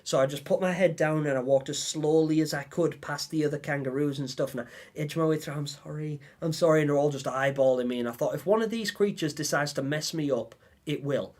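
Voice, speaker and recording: A young man hosting a live stream, telling a story in a lively way and acting out his own panicked lines. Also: fairly high pitch, a little fast. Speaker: livestream host.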